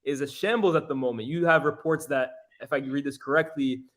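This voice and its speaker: Man, football pundit, animated, emphatic, higher voice. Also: fairly quick. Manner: animated, laughing, repeats points for emphasis. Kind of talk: casual football chat.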